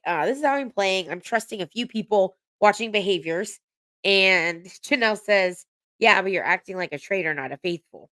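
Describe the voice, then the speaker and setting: A woman's voice: medium pitch, a bit bright, no echo, clean studio sound. Gossipy woman recapping reality TV. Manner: laughing, gossipy, swears freely. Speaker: reality show recap host. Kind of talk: casual recap commentary.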